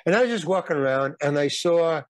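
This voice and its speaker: An older man with a fairly high voice spins a rambling, halting anecdote full of restarts. The recording is dry and close, with no room sound. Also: lively intonation, no echo. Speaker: guest. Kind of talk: casual storytelling.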